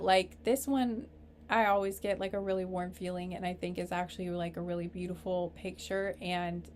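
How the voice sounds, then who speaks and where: A woman giving a casual tarot reading, rambling and halting, earnest and openly emotional. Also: medium pitch, a little hiss or hum. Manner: rambling, halting, full of fillers and restarts. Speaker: tarot reader. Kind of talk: casual spiritual reading to camera.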